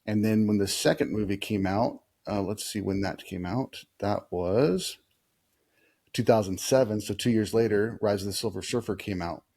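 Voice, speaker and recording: A man with a fairly low, warm, mellow voice hosts a relaxed movie chat. He speaks easily, quizzes the kids with questions, and often pauses with "uh" as he thinks. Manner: easygoing, asks kids questions, many "uh" pauses. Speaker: podcast host talking with kids.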